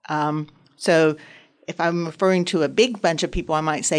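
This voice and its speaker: A woman in her sixties speaks with a Southern US accent, folksy and articulate as a podcast guest. Her voice sits slightly low in pitch. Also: normal speed. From western North Carolina, United States. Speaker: copy editor guest. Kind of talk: casual interview talk.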